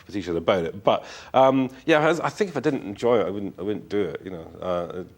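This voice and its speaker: Speaking fairly quickly in a lowish voice with lively intonation, a middle-aged Scottish man appears as the author guest in a casual interview. He is frank and rambling, full of fillers and restarts.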